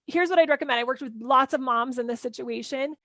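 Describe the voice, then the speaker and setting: A woman's voice: high voice, bright, forceful tone, no room sound. A woman hosting a parenting workshop and answering listener questions in an earnest, encouraging way. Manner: earnest and encouraging, quick run-on phrasing with "like". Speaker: parenting coach and podcast host.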